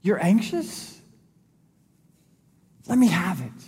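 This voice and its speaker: A man's voice: high-pitched, very animated, slow, warm tone, slightly rough. A male pastor preaching a sermon in an earnest, conversational way, repeating phrases for emphasis. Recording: long reverb of a large hall.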